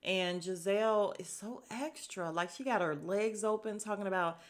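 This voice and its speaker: Sassy chatty woman recapping a show. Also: mid-range voice. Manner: chatty and sassy, mimics people in quick asides. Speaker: podcast host recapping a reality show. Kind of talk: casual recap chat.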